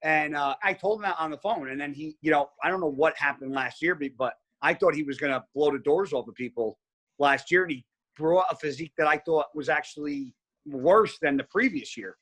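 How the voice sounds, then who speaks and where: A man's voice: fairly high pitch, a little fast. A man as a podcast guest, telling stories in casual chat, blunt and heavy on profanity. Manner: blunt, profane, animated storyteller.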